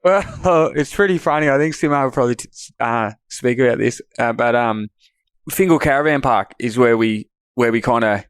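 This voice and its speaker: Aussie guest co-host, self-deprecating, smooth clear voice, dry close mic. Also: male voice, medium pitch, no echo. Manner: laughs easily, self-deprecating. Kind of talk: casual podcast chat.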